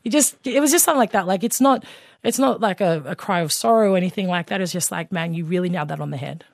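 A woman's voice: fairly low pitch, fast talker, creaky, dry recording, studio quality. A woman, co-hosting a casual radio sports chat, talking with many fillers and restarts. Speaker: co-host.

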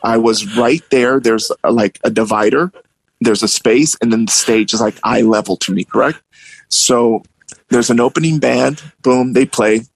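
Gravelly-voiced man telling a wild story. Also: normal speed, no room sound, poor audio. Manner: animated, acts out voices with big pitch jumps. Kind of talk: casual storytelling.

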